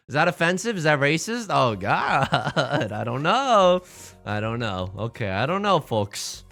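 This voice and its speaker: A young man chatters through a game stream, his pitch bouncing all over in a lively, animated way. His voice is bright and forceful, and he rambles from one goofy joke to the next. Faint music plays underneath. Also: measured pace, gravelly. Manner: rambling, goofy, jokey asides to chat. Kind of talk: casual live-stream chatter while playing mahjong.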